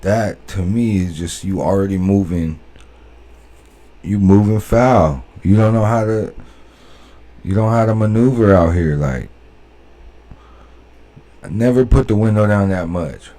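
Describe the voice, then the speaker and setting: A man with a very low, mellow voice reacts to a clip in casual commentary. He is laid-back but opinionated and keeps circling back to his point. His delivery stays easygoing throughout. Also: measured pace, long pauses. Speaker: reaction channel host.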